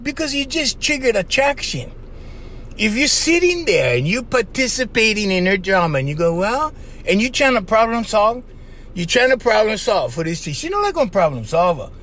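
Animated man with a lively voice. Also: high-pitched, moderate pace. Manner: animated, laughs often, acts out little voices. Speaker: podcast host. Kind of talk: casual monologue giving dating advice.

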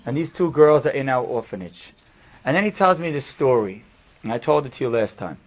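A man giving a storytelling sermon, animated and acting out the people he quotes, in a dull lo-fi recording. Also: mid-range voice, brisk. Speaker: speaker giving a talk.

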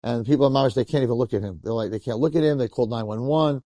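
A man, a rabbi, telling a story in a sermon in a lively, conversational way, acting out the people in it. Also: medium pitch, racing, no room sound, studio quality. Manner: animated, conversational, acts out quotes.

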